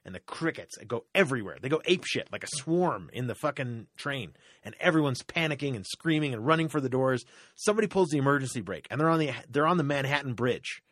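A man's voice: mid-range voice, fast talker, no room sound, studio quality. A man telling a long story in a casual, profane, rambling way, full of fillers. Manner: profane, rambling, animated retelling with many fillers.

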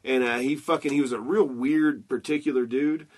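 A man's voice: mid-range voice, steady tone, moderate pace, breathy edge. A young man telling rambling, profane stories in casual chat with friends. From southern United States.

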